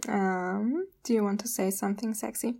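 A woman's voice: mid-range voice, steady tone, vocal fry, mellow. Giggly woman. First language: German. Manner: giggly, quick to laugh. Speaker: podcast co-host. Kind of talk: casual chat.

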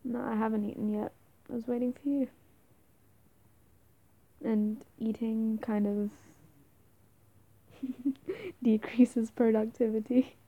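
A woman's voice: fairly high pitch, fairly even intonation, takes it slowly, long pauses, narrow, tinny audio. A young woman playing an affectionate, playful girlfriend in an audio role-play, giggling, teasing and stumbling over her words.

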